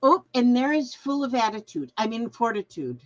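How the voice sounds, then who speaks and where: A woman's voice: a little high, big pitch swings, moderate pace, lo-fi sound. A woman hosting a casual craft livestream, chatting in a rambling way and reading viewer comments aloud. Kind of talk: casual live-stream chat.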